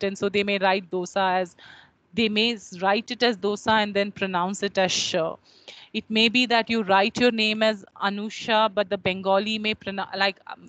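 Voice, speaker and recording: A woman's voice: medium pitch, a bit bright, dry recording, poor audio. A woman with an Indian English accent gives an online class lecture, explaining in a teacherly way with many uh fillers and often checking in with her students. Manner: explanatory, with frequent checking questions.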